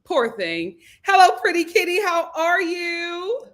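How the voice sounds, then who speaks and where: A woman hosting a casual livestream from home on a computer mic, chatty and animated, laughing often as she reads viewer comments aloud. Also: very high voice, takes it slowly. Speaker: livestream host.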